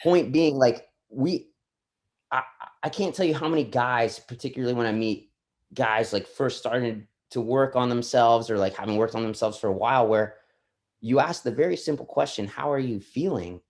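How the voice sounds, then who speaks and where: A man as a podcast guest, telling stories in an animated way and swearing freely. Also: medium pitch, moderate pace. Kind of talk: casual podcast chat.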